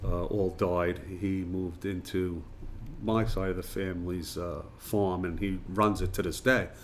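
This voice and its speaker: A man's voice: sits low, steady tone, unhurried, slight background noise. A man being interviewed, a retired firefighter and pub owner, chatting through anecdotes with plenty of fillers. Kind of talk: casual storytelling interview.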